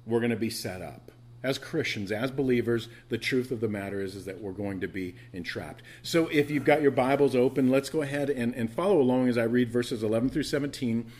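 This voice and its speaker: A man's voice: mid-range voice, a little fast, a little mellow. Emphatic man preaching a sermon. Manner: emphatic, asks the congregation questions. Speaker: pastor.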